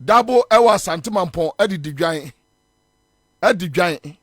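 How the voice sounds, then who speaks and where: A Ghanaian man hosts a morning radio show, giving combative, scornful political commentary and repeating phrases to hammer home his points. His high voice is animated, slow and a bit bright, recorded cleanly in a studio with no room sound.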